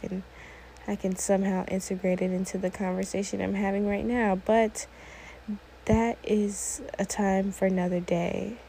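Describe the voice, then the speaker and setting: An eighteen-year-old woman talking alone on her own podcast, her voice mellow and low in tone with a lot of vocal fry. She rambles and wanders off topic, filling her speech with "like" and "oh my gosh.". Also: slight background noise, low-quality recording. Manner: rambling, often sidetracked, many "like"s. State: a little emotional, teary. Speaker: podcast host. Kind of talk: casual solo podcast monologue.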